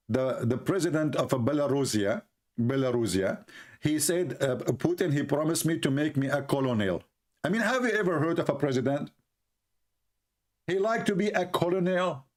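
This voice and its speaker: A man's voice: medium pitch, a little mellow. A man who does not speak natively, hosting a livestream and mocking a played clip with sarcastic, repeated rhetorical questions. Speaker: livestream host.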